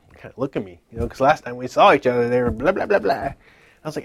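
Brief: man in his thirties, casual testimony, voices the people in his story, medium pitch, dry recording. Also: very fast, dry recording. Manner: animated retelling, acting out dialogue with lively pitch jumps. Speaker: speaker sharing a personal testimony.

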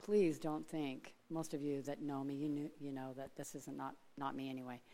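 Warm and bass-voiced with a level tone and moderate pace, a middle-aged woman from Alaska preaches a chatty sermon. She fills it with personal stories, laughs a lot, and mimics other people's voices.

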